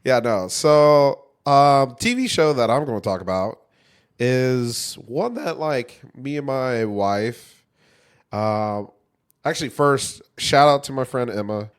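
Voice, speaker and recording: A man's voice: mid-range voice, clean tone. Rambling man in his thirties. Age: 30s. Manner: loose, rambling, swears freely; lots of fillers and restarts. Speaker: podcast co-host. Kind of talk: casual chat.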